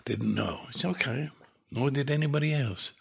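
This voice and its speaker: A man preaching a sermon in an emphatic, repetitive way, his voice climbing as he gets excited. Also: mid-range voice, normal speed, vocal fry, husky. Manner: emphatic, repeats words, rising with excitement.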